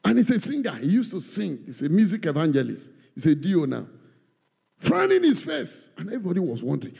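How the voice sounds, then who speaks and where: Man, pastor, lively preaching, raspy and gravelly, big echoing hall. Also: high-pitched, a little fast. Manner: animated, acts out voices, swings between shouts and quiet asides. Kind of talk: sermon. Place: church hall. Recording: long reverb of a large hall.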